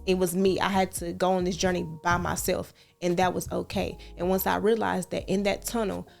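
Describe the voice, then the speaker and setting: A woman talking earnestly on a podcast, repeating phrases and reassuring the listener, with animated storytelling. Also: fairly low pitch, a little fast, gravelly, faint music behind. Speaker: podcast co-host. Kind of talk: casual heartfelt podcast chat.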